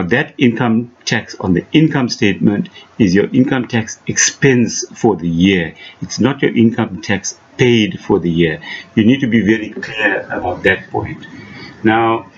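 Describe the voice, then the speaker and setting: Low-voiced man patiently teaching accounting. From South Africa. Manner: patient, repetitive, emphatic teaching with restarts. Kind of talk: classroom lesson explanation. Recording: dull lo-fi recording with faint noise.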